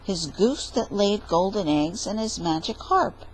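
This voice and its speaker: Husky, slow-paced woman reading a story. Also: medium pitch, low-quality recording. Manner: playful, expressive narration. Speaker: library storyteller. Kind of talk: storytime read-aloud.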